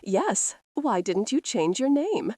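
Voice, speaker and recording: A woman's voice: fairly high pitch, very animated, slow pace, darkish tone, no room sound, studio quality, full character voice. A woman voicing a blunt, hot-tempered young earl who swears freely, in an audiobook. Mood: exasperated.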